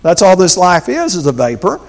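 Man, older, pastor, folksy sermon, slightly raised pitch, conversational restarts. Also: huge pitch swings, normal speed.

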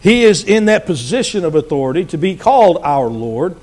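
High-voiced man preaching a sermon. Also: sing-song, brisk, soft background music. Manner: emphatic, drops to quiet low endings; explains scripture verse by verse.

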